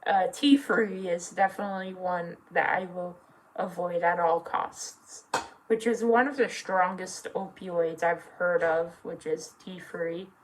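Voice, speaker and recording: A young adult with a feminine voice speaking in an earnest, halting way, full of fillers and close to tears at times. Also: female voice, lowish voice, fairly even intonation, poor audio. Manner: emotional, near tears at times. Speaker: vlogger. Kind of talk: personal confessional vlog.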